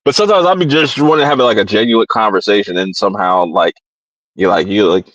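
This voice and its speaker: A man's voice: fairly low pitch, fast talker, a bit bright, no echo. A man on a podcast talking in a laid-back, rambling way with lots of fillers in a casual chat.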